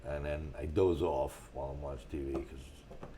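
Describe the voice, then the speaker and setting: A man, a guest on a talk show, telling rambling stories with a lot of restarts and getting animated as he goes. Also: a bass voice, moderate pace, a little hiss or hum. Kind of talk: casual storytelling on a talk show.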